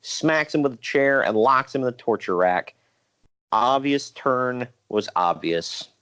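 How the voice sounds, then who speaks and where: A man co-hosting a podcast, casually recapping old wrestling shows in a rambling, relaxed way with fillers. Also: mid-range voice. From Ohio. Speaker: podcast co-host.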